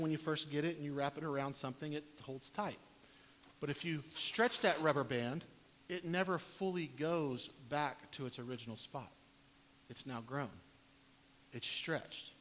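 A man preaching a sermon, reading scripture dramatically, rising to loud pleading and dropping to quiet, low emphasis. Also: unhurried. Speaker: pastor. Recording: long hall reverb, faint hiss.

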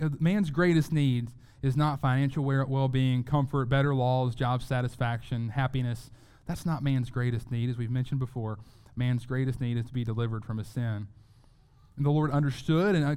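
A man's voice: medium pitch, fairly even intonation, moderate pace, darkish tone, smooth. A man preaching a sermon as pastor, earnest, often repeating words as he stresses a point.

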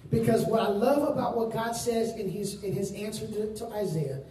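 A male pastor preaching a sermon to a congregation, stressing words and stretching out key phrases slowly. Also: high voice, mellow, a little hiss or hum. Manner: emphatic preaching with slow drawn-out phrases. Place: large room with congregation. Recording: very echoey room, distant mic.

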